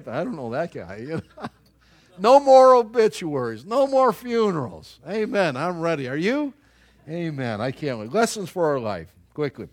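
Man preaching, middle-aged pastor, folksy asides, slightly higher voice. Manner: folksy, joking asides to the congregation. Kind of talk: sermon.

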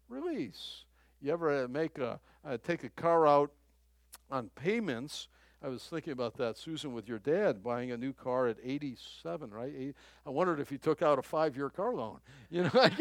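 A man preaching a conversational sermon as a pastor, halting and repeating his phrases, often chuckling as he talks. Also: on the high side, sing-song, no echo.

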